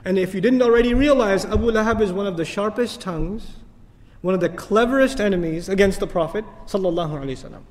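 Fast, high-voiced man lecturing in a hall. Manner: animated storytelling with rhetorical questions. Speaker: Islamic teacher. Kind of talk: religious lecture. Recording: long hall reverb.

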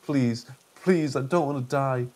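A man's voice: medium pitch, unhurried, darkish tone, natural voice. A man voicing a wounded young man who pleads and whimpers, terrified of dying, in a horror story reading. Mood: pleading.

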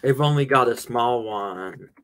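A man's voice: mid-range voice, unhurried, fairly bright tone. A man hosting a casual stream chat, replying tersely and agreeing a lot. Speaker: stream host.

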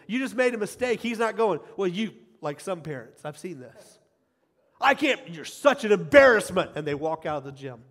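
A middle-aged man preaching a sermon as pastor, emphatic, repeating key phrases and swinging from quiet asides to loud cheering. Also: high voice. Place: church sanctuary. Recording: long hall reverb.

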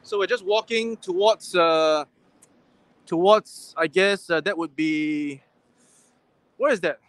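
A man's voice: sits high, slow pace, fairly bright tone, dry recording. A man from Singapore with a Singaporean English accent, hosting a casual walking livestream outdoors and rambling with many fillers and restarts. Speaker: livestream host. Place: city street outdoors. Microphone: phone held on a livestream.

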